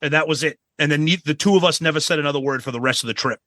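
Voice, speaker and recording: A man's voice: on the high side, very fast, bright, forceful tone, no room sound. A man co-hosting a podcast, telling a travel story in a casual, profane way. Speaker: podcast co-host.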